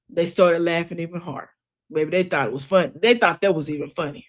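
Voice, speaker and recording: A woman's voice: lowish voice, brisk. A woman recapping a reality TV episode in a casual, gossipy style, retelling scenes with sassy asides and frequent laughter. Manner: breaks into laughter often.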